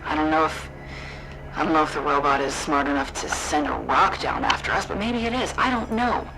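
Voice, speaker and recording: A woman's voice: deep voice, fairly quick, music in the background. A woman voicing a doubtful male field agent who talks in a hesitant, rambling way. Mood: uneasy. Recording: noisy recording.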